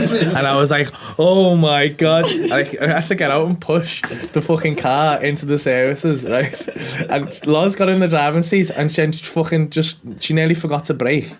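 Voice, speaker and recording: A man's voice: a little high, background noise. A young British man, a comedian co-hosting a podcast, telling stories in casual chat, sweary and laughing often.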